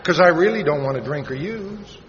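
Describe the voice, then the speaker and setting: A man from Iowa tells his recovery story in a plain-spoken way, his voice sitting a little high. He goes quiet and slow when the memories get heavy. The recording is dull and lo-fi, with a long hall echo and a faint hiss underneath. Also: animated. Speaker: recovery meeting speaker. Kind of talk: personal recovery story told to a live audience. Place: large convention hall.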